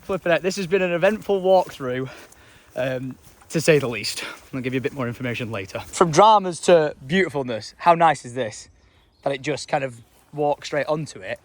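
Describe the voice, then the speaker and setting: Brief: upbeat male vlogger, outdoor walk-and-talk, lively swings in pitch. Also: normal speed. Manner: lively, chatty. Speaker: vlogger, new landowner. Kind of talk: casual vlog chat. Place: outdoors by a canal.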